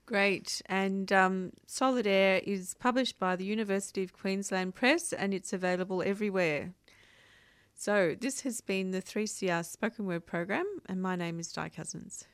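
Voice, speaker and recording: A woman hosting a radio program, speaking in a relaxed, conversational way. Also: mid-range voice, normal speed, clear, resonant tone, dry recording. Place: radio studio. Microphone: studio microphone.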